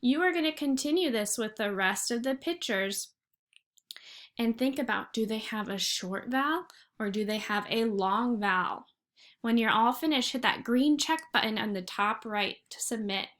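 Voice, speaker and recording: A woman's voice: on the high side, normal speed, a bit bright. A woman teaching a first grade phonics lesson, speaking patiently and encouragingly and stretching out each sound for young children. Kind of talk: recorded online phonics lesson.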